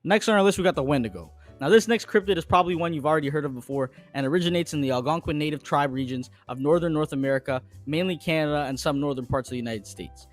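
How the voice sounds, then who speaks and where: A man narrating a comedic tier list, with crude jokes and deadpan asides. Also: fairly high pitch, quick pace, few pauses, faint music behind.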